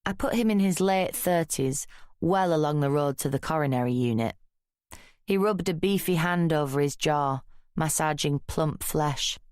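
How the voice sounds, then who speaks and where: Low-voiced woman narrating a thriller. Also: moderate pace, darkish tone, smooth, dry recording, studio quality. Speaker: audiobook narrator. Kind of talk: scripted audiobook narration.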